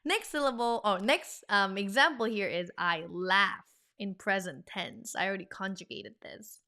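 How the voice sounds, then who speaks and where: A woman teaching an online language lesson in an upbeat, animated, teacherly way. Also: mid-range voice, unhurried.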